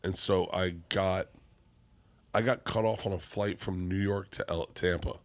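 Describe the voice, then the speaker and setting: A man's voice: low-pitched, fairly even intonation, unhurried, creaky. A middle-aged man, a comedian guest, telling a wild story in casual chat, profane and rowdy, acting out the people he quotes.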